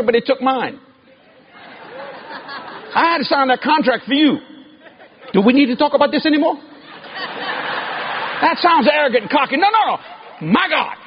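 A middle-aged man preaching a sermon in an animated storytelling way, shouting and laughing as he goes. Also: extremely high pitch. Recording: dull lo-fi recording.

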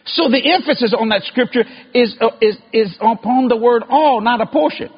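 A middle-aged man preaching a sermon in an animated storytelling way, shouting and laughing as he goes. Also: very high voice, moderate pace, breathy edge. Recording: dull lo-fi recording.

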